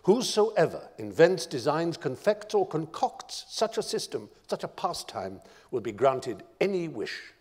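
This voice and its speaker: A man's voice: a little high, big pitch swings, a little slow, darkish tone, husky, in a large hall, voice pushed up, full character voice. A man voicing a restless, commanding emperor. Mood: restless, imperious. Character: proud bored male emperor, commanding.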